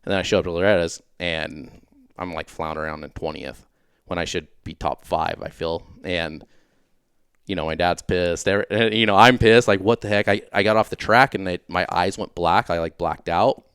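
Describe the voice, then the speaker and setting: Guest spot: a man in his late thirties with a low, smooth, resonant voice, recorded dry and close. He tells his stories in a relaxed, rambling manner full of fillers. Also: moderate pace, no room sound. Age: late 30s. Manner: laid-back, rambling, filler-heavy. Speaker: podcast guest, former racer. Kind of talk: casual interview storytelling.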